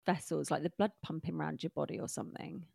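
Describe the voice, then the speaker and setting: A woman hosting a podcast in casual chat, chatty and quick to laugh, with many fillers. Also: deep voice, steady tone, gravelly, darkish tone, slightly rough, dry recording, studio quality. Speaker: podcast host.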